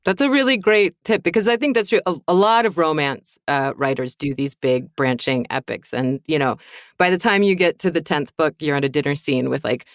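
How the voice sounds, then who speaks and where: A woman's voice: deep voice, brisk, dry recording, studio quality. A woman hosting a podcast roundtable, talking conversationally and steering the discussion with questions. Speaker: podcast host.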